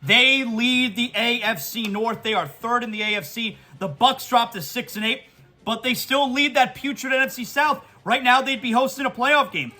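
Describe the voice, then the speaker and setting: A male sports talk host with a high, bright voice. He runs through results and then vents with emphatic, animated fan energy. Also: normal speed, faint music behind.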